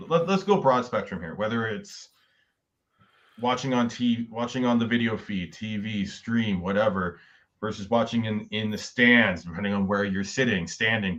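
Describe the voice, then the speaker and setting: A man's voice: lowish voice, moderate pace, a bit bright. A man co-hosting a casual podcast, rambling as he lists his thoughts aloud. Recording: muffled lo-fi audio.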